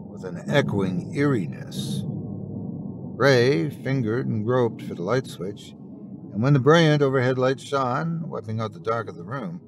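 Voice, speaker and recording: A man hosting and narrating a horror story in a theatrical, drawn-out manner. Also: mid-range voice. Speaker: host and narrator. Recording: noisy recording.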